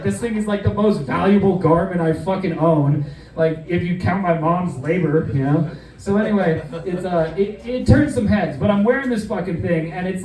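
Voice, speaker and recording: A man with a fairly high but mellow voice spins a rambling, profane comic story full of fillers. He sounds set back from the mic in a roomy space, with faint noise underneath. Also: recorded from a distance. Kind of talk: comedic storytelling monologue.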